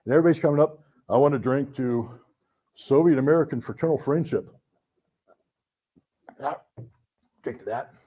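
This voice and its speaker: A middle-aged man telling a story to an audience, animated, acting out the voices in his anecdotes. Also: mid-range voice, normal speed, pauses often, husky. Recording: dull lo-fi recording.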